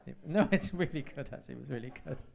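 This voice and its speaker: A man's voice: mid-range voice, quick pace, creaky, a little mellow. A man hosting a live stage showcase, chatty, gushing and jokey. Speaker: host. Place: club stage, live show.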